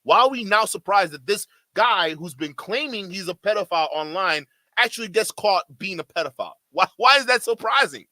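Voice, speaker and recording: A man's voice: high-pitched, lively intonation, fairly quick, hardly any pauses, sharp tone, dry recording. A man streaming his reaction to a clip, mocking and ranting, with a slight stutter. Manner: mocking, mimics others in exaggerated voices; stutters at times. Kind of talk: heated reaction commentary.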